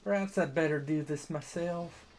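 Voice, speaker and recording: A man's voice: a little high, moderate pace, a little mellow, slight background noise, natural voice. A man voicing a scheming, haughty male military officer in a raised, affected voice.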